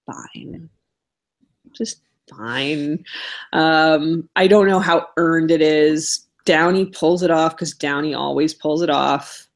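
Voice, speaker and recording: A woman co-hosting a casual podcast, opinionated and lively in her comments on films and comics, over a remote call. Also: low-pitched, measured pace, few pauses. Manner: opinionated, animated when quoting characters. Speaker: podcast co-host. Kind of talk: casual chat about comics and film.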